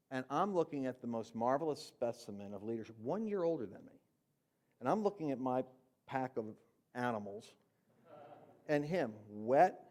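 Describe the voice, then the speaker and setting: A man telling his conversion story in a conversational, animated way, jumping from loud emphatic bursts to quiet low asides. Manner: conversational with fillers and slang. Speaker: Christian speaker. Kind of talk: personal testimony storytelling.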